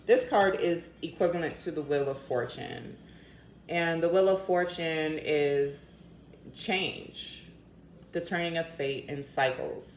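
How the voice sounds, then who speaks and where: A woman's voice: low-pitched, reverberant, a little hiss or hum, poor audio. A woman from Denver with a slight Maryland accent, giving a casual tarot reading and chatting loosely with fillers and swearing. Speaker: tarot reader.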